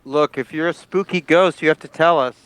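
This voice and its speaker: A man's voice: a little high, fairly quick, fairly bright tone, slight background noise. A man playing a tabletop game, thinking aloud in a wry, hesitant way. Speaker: player. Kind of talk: casual chat while playing.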